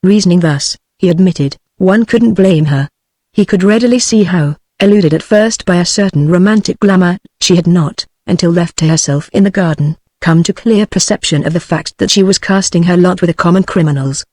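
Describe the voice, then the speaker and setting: A text-to-speech woman's voice with a British English accent reading a novel aloud in an even, synthetic way, sometimes voicing the punctuation. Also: on the low side, normal speed, no echo. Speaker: audiobook narrator.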